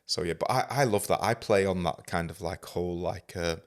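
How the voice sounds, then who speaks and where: A man's voice: low voice, a little fast. A man hosting a podcast in loose, chatty talk, swearing freely and using lots of fillers. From England. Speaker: podcast host. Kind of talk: casual podcast chat.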